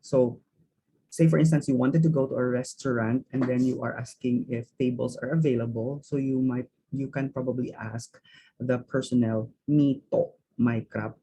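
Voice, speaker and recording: A man from the Philippines teaching a simple language lesson, explaining example words slowly with frequent fillers and restarts. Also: mid-range voice, fairly even intonation, mellow, slightly rough, low-quality recording. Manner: hesitant, many fillers and restarts.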